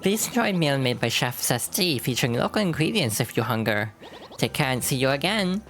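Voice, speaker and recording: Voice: medium pitch, big pitch swings, fairly quick, a bit bright, soft background music. Streamer voicing a video game bomb villager, put-on accent, broken grammar, clipped phrases, read-aloud game lines. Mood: cheerful. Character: Bob-omb townsfolk in a put-on foreign accent. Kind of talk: reading game dialogue aloud.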